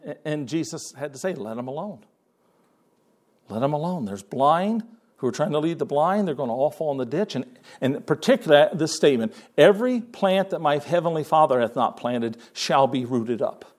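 A preacher with a higher voice, folksy and repetitive. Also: male voice, lively intonation, brisk, darkish tone. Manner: folksy, repeats words, quotes scripture in King James wording. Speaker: pastor. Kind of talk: sermon.

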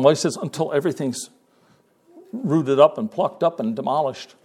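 A preacher with a higher voice, folksy and repetitive. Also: male voice, moderate pace, a little mellow. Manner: folksy, repeats words, quotes scripture in King James wording. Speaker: pastor. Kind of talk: sermon.

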